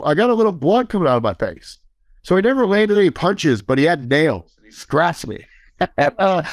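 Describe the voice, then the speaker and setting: A man's voice: a little high, dry recording, clean studio sound. A man casually telling a long, profane story, acting out quoted dialogue and laughing as he goes.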